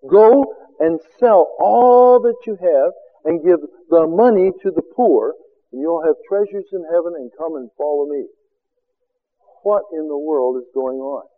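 A man with a high voice preaches a sermon, throwing out rhetorical questions and swinging between loud bursts and hushed asides. The sound is thin and tinny, like narrow-band broadcast audio. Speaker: preacher and seminar teacher.

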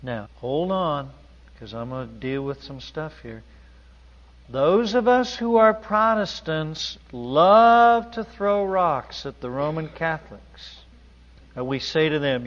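Slow, deliberate male preacher. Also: a little high, lively intonation, a bit bright. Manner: emphatic, deliberate. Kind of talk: sermon. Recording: dull audio with long hall reverb.

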